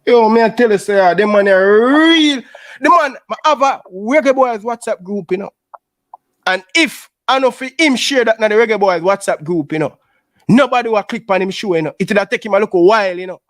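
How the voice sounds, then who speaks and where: A Jamaican-accented man hosts a YouTube show in a high-pitched, slightly bright voice at a moderate pace, with no echo. He vents in heated casual chat, aggrieved, repeating "brother" frequently.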